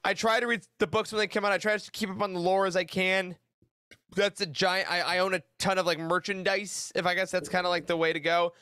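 An enthusiastic man co-hosting a casual podcast, his words tumbling out in quick bursts. His voice sits high and bright, and the recording is close and dry. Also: fairly even intonation, no echo. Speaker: podcast co-host. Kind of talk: casual chat.

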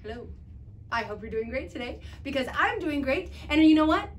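A young woman leading an energetic children's Bible lesson to camera, moving about as she talks, singing and shouting with bubbly, exaggerated enthusiasm. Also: high voice, fairly quick. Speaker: children's ministry teacher.

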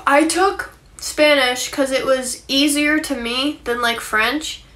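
A woman's voice: sits high, fairly even intonation, slow, sharp tone. A young woman chatting casually on a phone livestream, rambling with lots of likes and ums and casual swearing.

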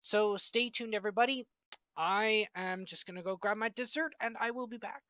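Man, game streamer, casual commentary, thinking aloud, bright tone, desk mic. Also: sits high, moderate pace, smooth. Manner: chatty, thinking aloud, self-correcting. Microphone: desk microphone.

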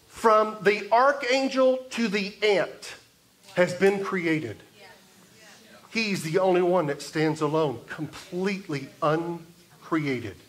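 High-voiced preacher, slow and emphatic. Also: male voice, a bit bright. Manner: measured preaching with emphatic repetition. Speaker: pastor. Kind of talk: sermon. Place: church sanctuary.

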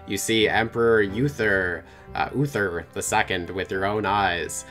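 A man's voice: lowish voice, lively intonation, music in the background. Man reading a game aloud with playful asides. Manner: playful, quick to laugh. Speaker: let's play host reading the game. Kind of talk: narrating a text game with casual banter.

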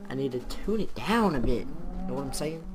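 A man giving casual let's-play commentary while gaming, excitable, often exclaiming and swearing, with frequent laughter. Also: mid-range voice, fairly quick. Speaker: gaming video host. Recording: clear background noise.

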